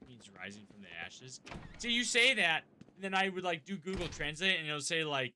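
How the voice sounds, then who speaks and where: A man's voice: fairly high pitch, big pitch swings, fairly quick, bright, forceful tone, slight background noise. A man live-streaming a game, chatting casually with his viewers, rambling and swearing freely.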